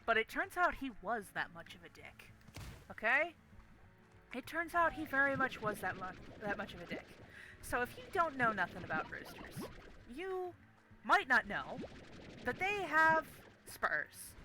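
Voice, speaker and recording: A woman streamer tells a story in a bright, forceful voice that sits a little high. She swears freely and hammers each point home, checking in with "okay?" over and over. Faint game music plays behind her. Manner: profane, emphatic, keeps asking "okay?". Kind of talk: casual solo storytelling during a game stream.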